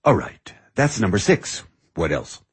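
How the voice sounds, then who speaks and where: A man voicing a patient, teasing music teacher in measured audiobook dialogue. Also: lowish voice, very animated, breathy edge, heavily acted. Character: calm, wry male music teacher. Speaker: music mentor.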